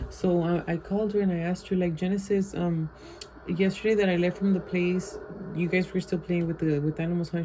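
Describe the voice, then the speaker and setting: A woman at home tells a storytime in a rambling, casual way, leaning on fillers and dropping Spanish phrases into her English. Her voice is mellow and level, with little rise and fall. A faint hiss sits under the recording. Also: fairly low pitch, low-quality recording. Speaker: vlogger.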